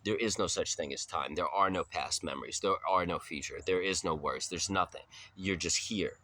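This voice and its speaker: A young man with a very low-pitched voice and a bright, forceful edge rambles casually to the camera. He is laid-back and slangy, swears freely and drifts into talk about spirituality and being present. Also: moderate pace. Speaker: vlogger.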